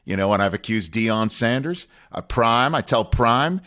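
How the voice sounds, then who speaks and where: A man's voice: medium pitch, lively intonation, measured pace, hardly any pauses, fairly bright tone. A man hosting a casual interview, easygoing and jokey. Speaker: talk show host.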